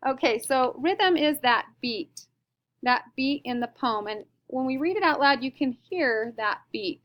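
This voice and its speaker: A woman's voice: high voice, normal speed, fairly bright tone. A woman teacher giving a patient, explanatory recorded lesson and often checking in with her listeners.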